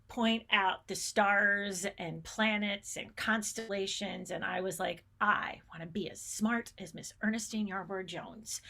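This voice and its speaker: Speaking in a medium-pitched, slightly bright voice, a middle-aged woman gives a keynote at a conference. As a space educator, she tells stories with enthusiasm and keeps varying her pace on stage.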